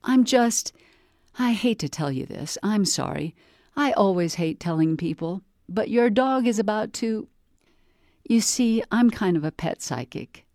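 An odd stranger who claims to be a pet psychic, apologetic and earnest, with a tired, reedy voice pitched well above the reader's own, as a woman reads her out. She talks hesitantly, stumbling over her apologies. It sounds like a storybook read aloud in a dry, close space. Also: lively intonation, measured pace, a little mellow, no room sound.

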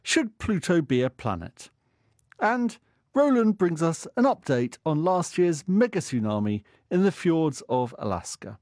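Lively, playful male radio host. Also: fairly high pitch, a little slow, dry recording, clean studio sound. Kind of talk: radio science show presenting.

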